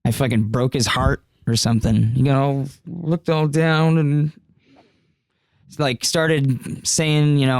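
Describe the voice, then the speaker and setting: A man's voice: mid-range voice, slow, creaky, darkish tone, clean tone, dry recording. A young man spins a long party story with loose, rambling phrasing and plenty of swearing. His voice sits mid-range and comes across close and dry, with no room around it. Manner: rambling, profane, many fillers. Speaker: podcast guest. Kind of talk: casual storytelling.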